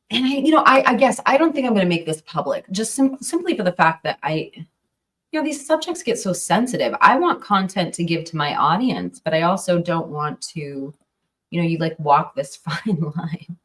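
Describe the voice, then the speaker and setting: Low-voiced woman, hesitant streamer chat. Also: recorded from a distance. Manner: hesitant, many fillers and restarts. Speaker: true crime streamer. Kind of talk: casual livestream commentary.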